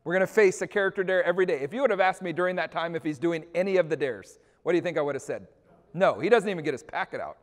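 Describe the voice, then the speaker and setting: A middle-aged staff trainer with a fairly high voice tells a rapid-fire story to a room of teachers, animatedly acting out each scene. He's in a big school hall, where a long reverb trails every sentence.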